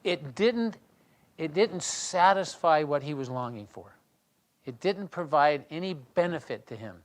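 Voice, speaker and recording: A man leading a Bible study, reading scripture aloud and then talking it through in a conversational way, often restarting and clearing his throat. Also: fairly high pitch, animated, measured pace. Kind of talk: reading scripture and discussing it in a small group.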